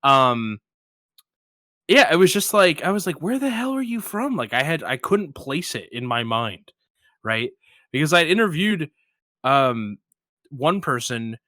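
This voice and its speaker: A man hosting a relaxed interview chat, his voice bright and forward and recorded close and dry. He rambles casually and jumps high and loud when he acts out a story. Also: dry recording. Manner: animated storyteller, rises high when retelling. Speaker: podcast host.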